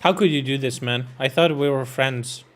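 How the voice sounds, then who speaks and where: A man's voice: mid-range voice, moderate pace, soft background music. A man live-streaming, reading out war news headlines and commenting on them in a casual, irreverent way, swearing and laughing as he goes and stumbling over names.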